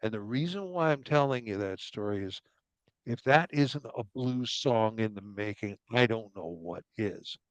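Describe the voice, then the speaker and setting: Male host who is a doctor, measured and reflective, dry close recording. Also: lowish voice, animated, no echo. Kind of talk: casual storytelling chat.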